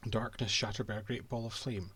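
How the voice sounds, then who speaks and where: A man's voice: fairly low pitch, fairly even intonation, fairly quick, a bit bright, slightly rough. A Scottish man voicing a haughty male cartographer and reading his old-fashioned diary aloud from a game.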